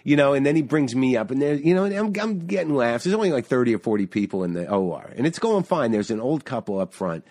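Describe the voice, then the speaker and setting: A middle-aged man tells a stage story in a loose, heated ramble, cursing freely and stumbling over restarts. His voice sits in an ordinary middle pitch, and the sound is close and dry, with no room around it. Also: big pitch swings, darkish tone, no room sound. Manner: swearing, fast restarts, heated retelling. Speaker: stand-up comedian, podcast guest. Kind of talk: casual chat, storytelling.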